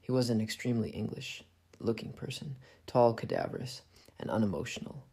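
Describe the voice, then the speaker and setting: A man reading a classic detective story aloud in a calm, soft storybook narration. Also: fairly low pitch, a little fast, vocal fry, breathy edge.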